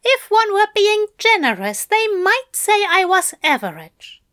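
A woman voicing a tender, self-doubting male angel in a fan fiction reading, pushing her voice much higher. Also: very animated, measured pace, fairly bright tone, full character voice. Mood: pleading, self-doubting.

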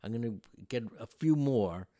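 A man's voice: mid-range voice, lively intonation, moderate pace, warm tone. A man hosting a podcast, telling a story in a meandering, reflective way with many fillers. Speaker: podcast host. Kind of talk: casual storytelling.

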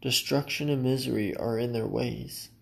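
A man's voice: mid-range voice, moderate pace, creaky. A man preaching a sermon in an earnest, direct way, often addressing listeners as his friend.

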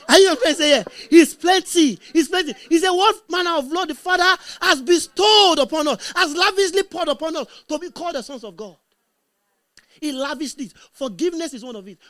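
A man preaches with a high-pitched voice, repeating lines for emphasis. He moves from loud, fervent calls down to soft, quiet asides. The sound is dry and close, with no room echo. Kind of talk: sermon.

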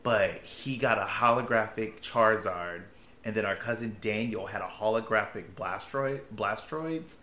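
A man in his late twenties, a podcast co-host chatting casually, gushing and swearing, quick to laugh. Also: fairly low pitch, sharp tone, roomy sound, a little hiss or hum. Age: late 20s. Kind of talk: casual chat.

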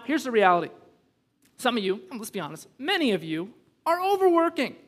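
A man's voice: extremely high pitch, a bit bright. A man preaching a sermon as pastor, emphatic and conversational, with bursts of humor and rising intensity. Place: church sanctuary. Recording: long reverb from a large hall.

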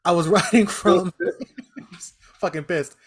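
A man telling stories in casual, profane chat, animated and laughing often. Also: high voice, slow pace, slight background noise.

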